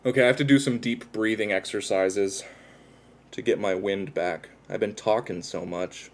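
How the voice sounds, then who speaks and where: A man's voice: fairly low pitch, steady tone, normal speed. A man chatting casually with his viewers on a livestream, rambling and self-deprecating as he talks while tattooing himself.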